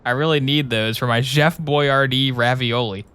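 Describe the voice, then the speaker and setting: A man streaming a game live, trolling in a deadpan way with absurd repeated jokes. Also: medium pitch, moderate pace, clean tone. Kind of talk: casual live game commentary.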